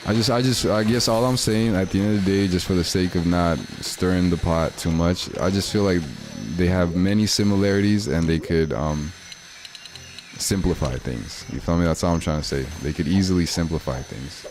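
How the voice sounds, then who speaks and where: A man's voice: sits low, steady tone, moderate pace, background noise. A young man, chatting casually and rambling in slang while livestreaming a game. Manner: slangy, rambling, laid-back. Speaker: streamer.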